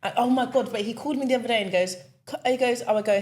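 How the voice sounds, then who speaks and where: A woman's voice: on the high side, fast, few pauses, background noise. A young woman, telling a story to her podcast co-hosts in casual chat, acting out the voices in it and laughing often. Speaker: podcast guest.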